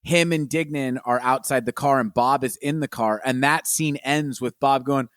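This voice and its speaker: A man talks over a film in relaxed podcast chat, close to a dry-sounding mic with no room ring. His voice sits at an ordinary middle pitch. He retells scenes with energy and keeps breaking into laughter. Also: moderate pace, hardly any pauses, clean tone, dry recording. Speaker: podcast co-host. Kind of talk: casual film discussion.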